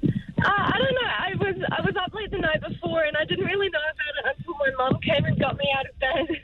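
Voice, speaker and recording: Shy high New Zealand caller on a noisy phone line. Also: female voice, a little fast. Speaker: radio caller. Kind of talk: phone call to a radio show.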